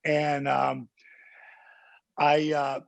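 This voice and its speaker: Man, gravelly voice, slightly raised pitch, dry close sound, animated podcast guest storytelling. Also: very slow, no echo. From New Jersey. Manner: animated anecdote teller who acts out the people he quotes. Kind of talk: casual storytelling.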